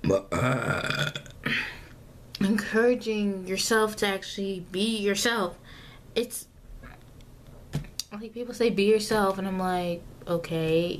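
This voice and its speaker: A young woman talks to her own camera at home in a relaxed, unhurried way. She rambles, stops to reword herself, and fills pauses with plenty of "um"s and "like"s. Her voice sits at an average pitch, and a faint hum of household ambience stays in the background. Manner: rambling, self-correcting, lots of fillers and asides. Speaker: vlogger. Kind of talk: casual self-filmed vlog talk. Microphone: camera mic, self-filmed.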